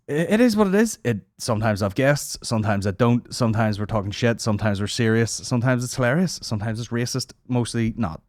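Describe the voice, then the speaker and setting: A man's voice: medium pitch, darkish tone, no echo, clean studio sound. Profane man in his thirties ranting. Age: 30s. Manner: profane, rambling, sarcastic. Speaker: podcast host. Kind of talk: casual comedy podcast rant. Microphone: studio microphone.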